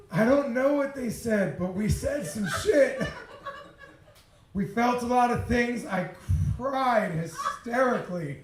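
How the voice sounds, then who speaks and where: High-voiced man telling a raw personal story. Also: animated, takes it slowly, roomy sound, low-quality recording. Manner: profane, emotional, laughs often. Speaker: speaker sharing a personal story. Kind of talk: raw confessional storytelling talk.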